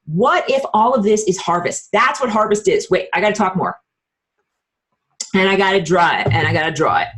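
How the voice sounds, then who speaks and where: A woman's voice: mid-range voice, fairly bright tone. A woman giving a casual online spiritual lecture while she draws, talking bluntly and emphatically, with lots of "like" and some swearing. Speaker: spiritual teacher.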